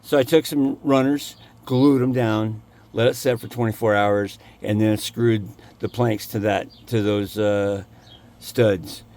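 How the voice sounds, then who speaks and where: A man's voice: fairly low pitch, steady tone, slow pace, darkish tone. Folksy man rambling with many fillers. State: has the hiccups. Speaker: vlogger. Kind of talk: casual how-to vlog. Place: inside a camper.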